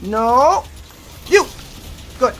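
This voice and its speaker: A woman streamer giving live gameplay commentary, excitable, yelling and cursing at enemies and cheering her wins. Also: sits high, very slow, soft background music.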